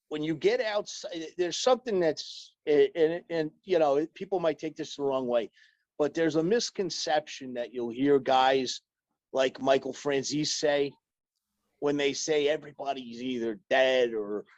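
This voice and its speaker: A man chats as a podcast guest, telling stories in a rambling way full of fillers and restarts. His voice is a little high and unhurried, with no echo, captured in dull, dry, lo-fi audio.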